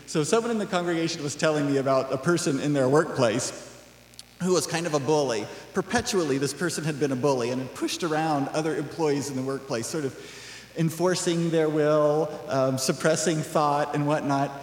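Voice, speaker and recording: A male pastor preaching a sermon in a relaxed, conversational way, full of asides. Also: on the high side, brisk. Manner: conversational, animated, acts out quoted voices with laughs. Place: church sanctuary. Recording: echoey church hall.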